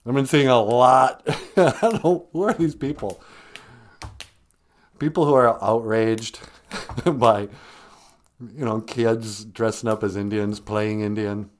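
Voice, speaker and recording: A man hosting a comedic live stream, joking with viewers, laughing often and making deadpan asides. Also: medium pitch, slow, long pauses. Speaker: host.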